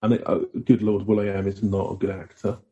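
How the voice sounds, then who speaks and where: A man co-hosting a podcast in casual comedic chat, excitable and rambling with many restarts. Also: deep voice, fairly quick, husky, highs cut off. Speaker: podcast co-host.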